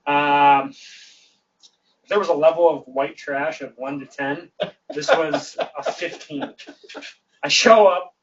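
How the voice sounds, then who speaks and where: A man's voice: on the high side, slow, long pauses, a little hiss or hum. A man telling a long, funny story in casual chat, laughing as he goes and acting out the voices of the people in it. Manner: animated, laughs through his story, acts out quoted voices. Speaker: guest. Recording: distant, dull livestream audio.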